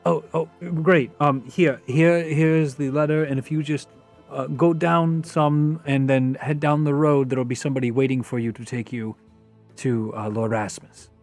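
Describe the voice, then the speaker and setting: A man's voice: mid-range voice, steady tone, moderate pace, darkish tone, faint music behind, lightly acted. A man voicing a polite male servant who stammers and apologizes. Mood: apologetic.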